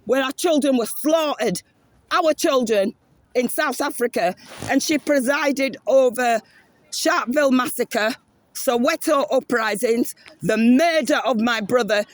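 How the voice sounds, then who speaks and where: A woman's voice: high-pitched, measured pace, dry recording. A woman protesting in a public park, filming on her own phone, repeating her demands and raising her voice. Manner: insistent, repeats demands, raises voice. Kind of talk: heated confrontation. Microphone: phone held by the speaker.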